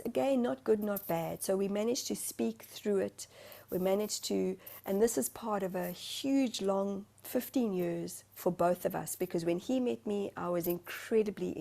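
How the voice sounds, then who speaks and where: Woman guest, mellow, a bit of fry, chatty and emotional storyteller. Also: lowish voice. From South Africa. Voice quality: talkative, self-described motor mouth. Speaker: guest, spiritual medium. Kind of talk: candid interview conversation.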